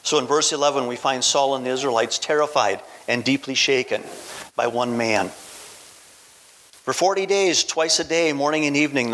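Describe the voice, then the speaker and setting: Man preaching with lively storytelling. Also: mid-range voice, a little hiss or hum, rough recording. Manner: storytelling, voicing Bible characters in quotes. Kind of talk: sermon.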